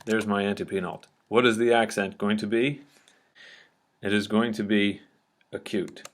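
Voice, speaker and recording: Male teacher, lowish voice, patient step-by-step lecture, light typing behind. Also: flat delivery, normal speed, slight background noise. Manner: patient, step-by-step explaining with frequent "okay?" checks. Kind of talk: recorded grammar lecture.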